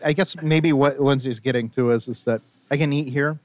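A man's voice: medium pitch, fairly even intonation, normal speed. A man co-hosting a food review show, enthusiastic and jokey in casual chat.

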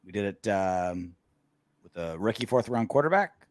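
A man co-hosting a casual sports podcast, ranting in an animated, crude way. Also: on the low side, moderate pace, no echo. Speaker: podcast co-host.

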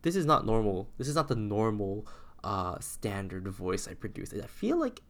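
Gravelly sick man rambling on a podcast. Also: lowish voice, expressive, normal speed, a bit bright. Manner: meandering, self-interrupting, with frequent restarts. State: sick, voice lower than usual. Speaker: podcast host. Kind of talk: rambling solo podcast monologue.

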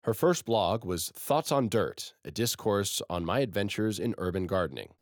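A man's voice: on the low side, lively intonation, normal speed, no room sound, clean studio sound. A man hosting a radio show and introducing the next guest.

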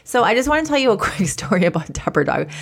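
A woman's voice: medium pitch, very animated, quick pace, vocal fry, slightly rough. A woman who runs an online shop, telling a story in a rambling, chatty way and often correcting herself mid-sentence. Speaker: e-commerce business owner, podcast host. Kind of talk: casual storytelling monologue.

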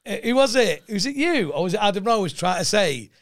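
A man's voice: high-pitched, sing-song, brisk, no echo, clean studio sound. A man, a comedian, chatting casually and teasing the others, laughing often. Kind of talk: casual chat.

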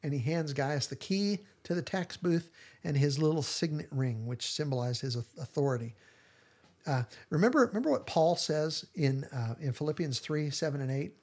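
Animated man retelling a story. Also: on the high side, normal speed. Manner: animated, acts out quoted lines. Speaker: podcast host. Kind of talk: casual chat retelling scenes.

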